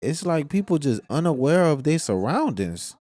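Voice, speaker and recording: A man with a New Orleans accent talks fast and loose, his pitch leaping up and down as he reacts with disbelief. The sound is close and dry, with no room around it. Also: no echo. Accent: Southern US, New Orleans. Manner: animated, slangy, incredulous. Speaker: livestream host reacting to news. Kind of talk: casual livestream commentary.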